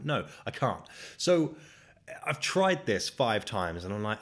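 A man's voice: fairly low pitch, very animated, slow pace. A man hosting his own solo podcast into a microphone, talking in a rambling, self-deprecating way. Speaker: podcast host.

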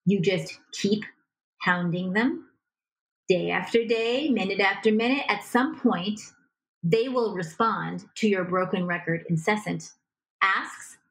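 Animated woman giving relationship advice. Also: medium pitch, slow pace, low-quality recording. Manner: animated, acts out example dialogue. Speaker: relationship coach, guest. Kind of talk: conversational advice in a podcast interview.

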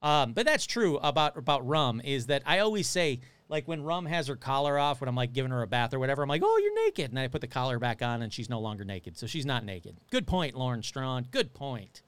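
A man's voice: medium pitch, expressive, brisk, hardly any pauses, a bit bright, clear, resonant tone, dry recording. A man hosting a casual live stream, chatting loosely, swearing and answering viewers' comments as he reads them. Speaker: livestream host.

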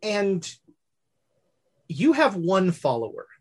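A woman's voice: medium pitch, sing-song, slow, darkish tone, husky, full character voice. A woman voicing a haughty female sun god who talks down to a newcomer. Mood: smug. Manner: smug, condescending.

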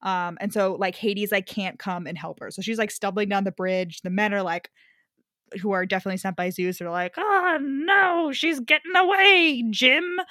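A young woman co-hosting a podcast, retelling a story in lively casual chat, full of filler words and freely swearing. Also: lowish voice, fairly quick, no room sound, clean studio sound. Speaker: podcast co-host.

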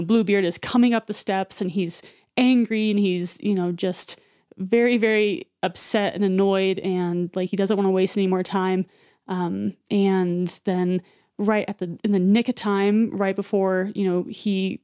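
A woman's voice: medium pitch, a little mellow, clear, resonant tone. A woman co-hosting a podcast, casually retelling a story in a chatty way, full of "um" and "like". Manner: chatty, many fillers like "um" and "like". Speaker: podcast co-host.

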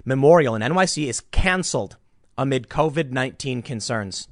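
A man's voice: medium pitch, expressive, moderate pace, a bit bright, no echo, studio quality. An American man giving emphatic, indignant political commentary, often repeating his words. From United States. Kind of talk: opinion commentary.

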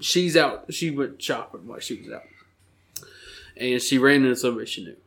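A man, co-hosting a podcast and telling a story in an animated, laughing way. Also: mid-range voice, fairly quick. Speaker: podcast co-host. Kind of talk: casual storytelling chat.

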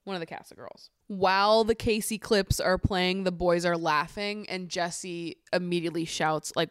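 A woman's voice: steady tone, normal speed, few pauses, clean tone, dry recording, studio quality. A woman hosting a podcast, recapping a reality show in a chatty, swearing, exasperated way. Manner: chatty, swears freely, rises to exasperated high pitch when ranting. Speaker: podcast host.

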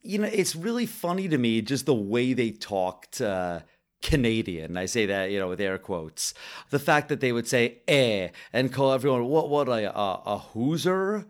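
A young man co-hosting a casual film review podcast, talking in an animated way, swearing casually and stumbling over his words. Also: mid-range voice, moderate pace. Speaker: podcast co-host.

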